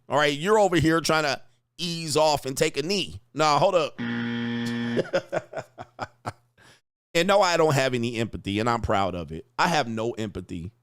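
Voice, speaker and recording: A man's voice: mid-range voice, measured pace, pauses often, clear, resonant tone, no echo, clean studio sound. Brash profane man ranting to chat. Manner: brash, profane, loud rants with laughter. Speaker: online talk show host reading chat. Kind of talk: casual live-stream commentary.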